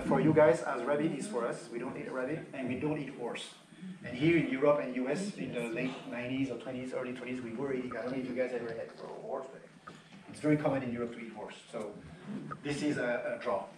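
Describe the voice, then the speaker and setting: Guy from france giving a casual talk in a church hall, mic pretty far away, roomy echo, bit of background hiss. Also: mid-range voice. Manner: informal, with joking asides. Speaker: guest speaker. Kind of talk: public talk to an audience.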